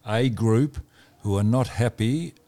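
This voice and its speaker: A man's voice: mid-range voice, slow, dark tone. A man, a regular on a radio chat, rambling and opinionated. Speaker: regular guest.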